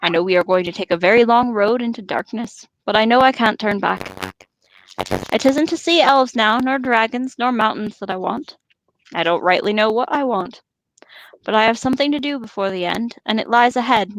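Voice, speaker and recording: A woman's voice: fairly high pitch, dry recording, natural voice, rough recording. Woman doing a humble rustic hobbit servant. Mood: earnest. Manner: halting, humble, accented rustic speech. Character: earnest loyal young male hobbit servant.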